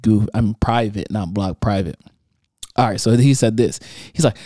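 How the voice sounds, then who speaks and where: A man's voice: on the low side, normal speed, no room sound, clean studio sound. A young man hosting a casual solo podcast, animatedly recounting an online argument and reading out comments in slang. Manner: animated storytelling, reading out social media comments with slang and laughs. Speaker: podcast host.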